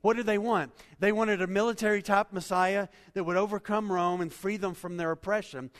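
Male pastor, lively sermon delivery, raised pitch, reverberant hall. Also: a little fast. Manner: animated preaching with acted-out quotes, shifting loud and soft.

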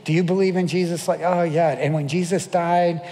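A man's voice: a little high, fairly even intonation, moderate pace, warm tone, big-room sound. A male pastor preaching a sermon, telling stories and acting out the voices of the people in them, often asking the audience questions. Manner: storytelling, acts out quoted voices, asks the audience questions.

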